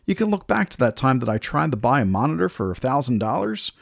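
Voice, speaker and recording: A man's voice: mid-range voice, very animated, fast, creaky, dry recording, clean studio sound. A man hosting a podcast, telling a story in an exasperated, casual way and acting out the other people's lines. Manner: exasperated, retells dialogue in other voices. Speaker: podcast host.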